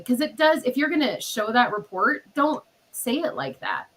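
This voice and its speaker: A woman's voice: high voice, moderate pace, a little hiss or hum, low-quality recording. A woman hosting a casual podcast chat, telling stories animatedly and acting out what others said, with a cough from illness. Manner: animated storytelling, acting out quoted people. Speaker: podcast host.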